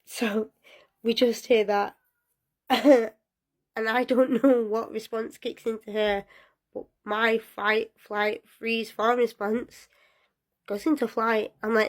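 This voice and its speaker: A young woman telling a personal story in a casual, lively way, often breaking into laughter. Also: fairly high pitch, slow.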